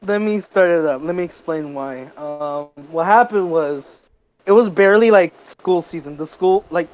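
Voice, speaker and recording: A teenage boy casually telling a story on a podcast, animated and cursing freely. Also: fairly high pitch, moderate pace, highs cut off. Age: teens. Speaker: podcast co-host.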